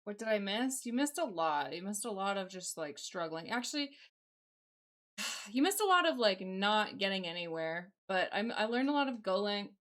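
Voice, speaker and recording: A woman's voice: mid-range voice, fairly bright tone. A young woman with a light Southern twang, chatting away in a loose, rambling way while she streams from home. She reads her chat aloud and answers it as she goes, talking into a desk microphone in her own everyday voice. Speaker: livestreamer. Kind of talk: casual live-stream chat.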